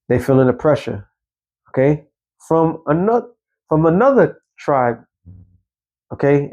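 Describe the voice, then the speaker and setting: A man's voice: mid-range voice, a little mellow. A man giving a blunt, scolding religious commentary and quoting scripture. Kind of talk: preaching commentary.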